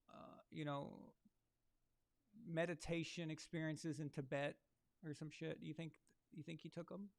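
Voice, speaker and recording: Guy hosting a live football stream, gravelly voice, crude sarcastic jokes. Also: a little high, level tone, a little slow, pauses often. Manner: crude, sarcastic, joking asides. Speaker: live sports show host. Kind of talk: casual live watch-along commentary.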